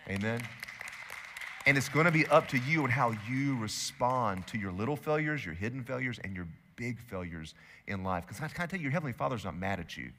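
A male pastor delivers a sermon in a bright, forceful voice. He swings between loud emphatic bursts and hushed, intimate stretches. His words ring out with the long reverb of a large church hall. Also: medium pitch, animated, fairly quick, some chatter behind.

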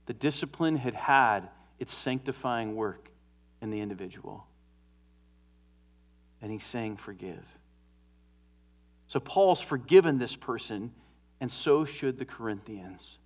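A man preaching a sermon as a pastor, earnest, moving from emphatic stresses to hushed, drawn-out endings. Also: medium pitch, animated.

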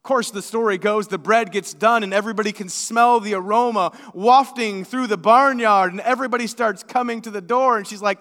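A man's voice: high-pitched, fairly bright tone, long reverb tail. A man preaching in a church, praying and then telling a story in a folksy, conversational way, often repeating words. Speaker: pastor. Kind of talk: sermon with prayer and storytelling.

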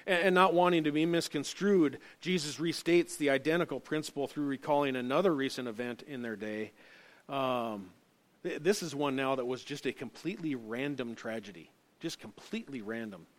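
A middle-aged man preaching a sermon as pastor, swinging between loud emphatic stresses and quiet, low asides. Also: normal speed.

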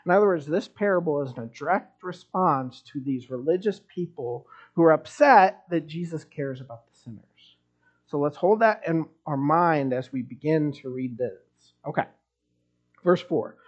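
A man preaching a sermon in a relaxed, conversational way, dropping in wry asides. His voice sits a little high for a man. The recording sounds slightly muffled and lo-fi. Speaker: pastor.

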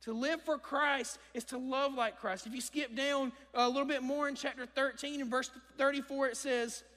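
A man's voice: very high voice, fairly even intonation, normal speed, fairly bright tone. A young man preaching a sermon in a church, earnest, and repeating key phrases for emphasis. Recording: long hall reverb.

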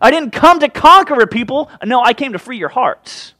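A man doing an emphatic, high-pitched religious teacher. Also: lively intonation, normal speed, pushed and bright, no room sound, clean studio sound, full character voice. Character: earnest male religious teacher, firm and calm.

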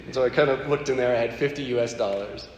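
A man sharing a personal faith story in an animated, conversational way. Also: medium pitch, fast talker, muffled recording. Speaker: speaker sharing a personal testimony. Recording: echoey hall with faint background noise.

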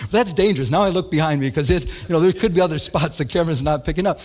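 A man preaching a casual radio sermon, animated, often laughing and acting out little scenes. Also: fairly high pitch, quick pace. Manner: animated, laughs and acts out beeping and dialogue. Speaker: pastor.

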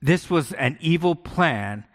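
A man's voice: fairly high pitch, lively intonation, slow, a bit bright. A male pastor giving a sermon in a conversational way, often asking his listeners rhetorical questions. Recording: long hall echo.

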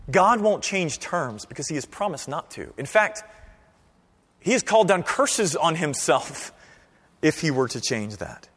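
A pastor preaching a sermon in a conversational, animated way, often checking in with the congregation. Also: male voice, a little high, unhurried, breathy edge, in a large hall. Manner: conversational, animated preaching with frequent "right?" and "okay?".

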